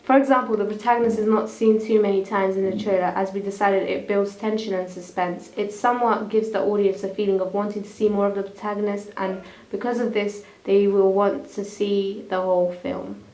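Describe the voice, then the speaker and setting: A woman's voice: mid-range voice, little pitch movement, a little fast, few pauses, darkish tone. Girl reading her school evaluation, trips over words, echoey room. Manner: stumbling, restarting lines. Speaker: student presenter.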